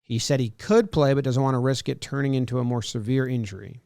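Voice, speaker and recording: A man's voice: mid-range voice, fairly even intonation, quick pace, creaky, a little mellow, no echo. Man, podcast co-host, reads news then riffs, dry close mic. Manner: reads news items aloud, then jokes and comments. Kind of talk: casual sports podcast chat.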